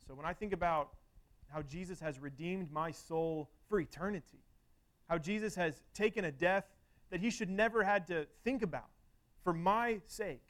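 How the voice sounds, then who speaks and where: A man's voice: high-pitched, moderate pace, fairly bright tone. A man preaching a sermon in an earnest, conversational way, often restarting his phrases and using filler words.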